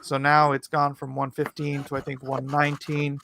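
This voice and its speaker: A man's voice: a little high, monotone, moderate pace, creaky, background noise. A man hosting a livestream in casual chat, talking in a rambling, loose way with frequent restarts. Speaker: livestream host and comic artist.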